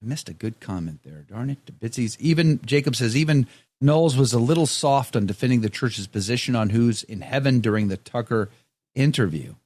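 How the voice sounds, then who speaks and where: A man's voice: mid-range voice, lively intonation, brisk, darkish tone, no echo. Man hosting a casual live stream. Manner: candid, conversational, with frequent restarts. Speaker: host. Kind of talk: live-stream chat reading viewer comments.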